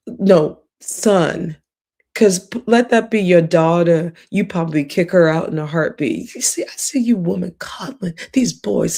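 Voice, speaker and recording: A woman's voice: medium pitch, gravelly, warm tone, slightly rough. A woman livestreamer with a cracking voice, giving rambling, gossipy late-night commentary with whispered asides.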